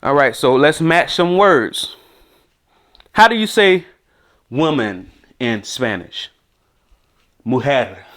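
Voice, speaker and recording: A man's voice: medium pitch, big pitch swings, slow, pauses often, fairly bright tone. A man teaching beginner Spanish words on a podcast, thinking aloud and repeating words for listeners to echo. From United States. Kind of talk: casual spoken lesson.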